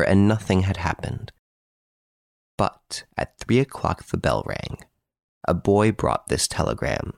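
A man narrating a classic story as an audiobook with an expressive storytelling delivery, close to the mic. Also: low-pitched, dry recording.

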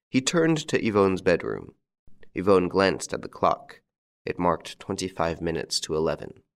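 A male narrator reading a classic story aloud in a measured, even way. His voice is very deep. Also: gravelly. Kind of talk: audiobook narration.

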